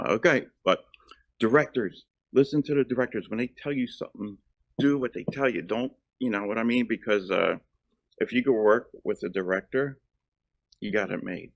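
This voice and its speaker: A middle-aged man from South Jersey tells stories as an interview guest. His voice is very low with a gravelly edge, and he wanders through his answers with many fillers. The sound is dry and close. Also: moderate pace, no room sound. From South Jersey, USA. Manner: rambling, lots of ums and uhs. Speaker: actor and former firefighter, guest. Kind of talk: casual interview chat.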